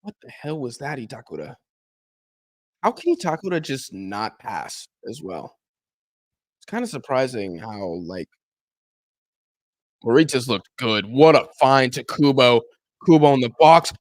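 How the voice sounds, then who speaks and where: Somewhat slow and full of long pauses, this medium-pitched voice belongs to a young man hosting a football watch-along, with no echo on the recording. He talks to chat animatedly, commentates casually on the match, and acts out fans' grievances about him.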